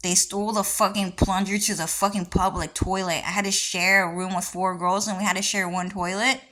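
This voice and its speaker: A woman's voice: medium pitch, level tone, brisk, bright, forceful tone. A woman vlogger talking in a casual, rambling monologue with many restarts and frequent swearing.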